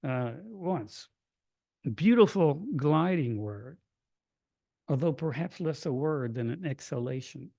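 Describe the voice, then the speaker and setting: A man from Kentucky, a poet, reading his poems aloud in a hushed, measured way, with brighter chatty asides to an audience between them. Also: medium pitch, lively intonation, no echo. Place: reading event before an audience.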